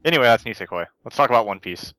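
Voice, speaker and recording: A man co-hosting a casual chat, throwing in quick dry quips. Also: medium pitch, lively intonation, a bit bright, dry recording. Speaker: podcast co-host.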